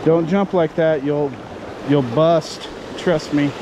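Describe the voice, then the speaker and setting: Chatty man by a rushing waterfall. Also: fairly high pitch, fairly even intonation, background noise. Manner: chatty, fatherly, warns and jokes with his kids. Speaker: vlogger father hiking with his sons. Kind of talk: casual vlog narration. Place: outdoors by a waterfall on a hiking trail.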